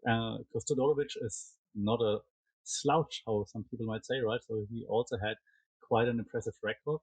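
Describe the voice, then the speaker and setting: A man's voice: mid-range voice, fairly even intonation, normal speed, darkish tone, slightly rough, dry recording, low-quality recording. A man with a German accent giving a casual solo recap of fight results, chatty and rambling with frequent fillers and restarts. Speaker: MMA commentary podcaster.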